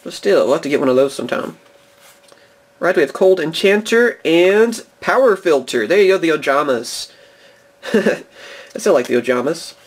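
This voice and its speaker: A man's voice: on the high side, expressive, normal speed. Young adult male, casual card-opening host, enthusiastic and rambling, laughs a lot. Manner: chatty and enthusiastic, chuckles often. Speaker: card-collecting video host. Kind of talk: casual box-opening commentary.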